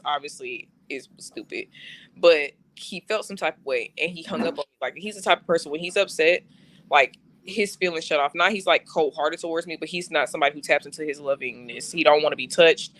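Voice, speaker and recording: A man's voice: a little high, sharp tone, slight background noise. A man co-hosting a casual podcast, telling a personal story with lots of slang and swearing. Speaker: podcast co-host.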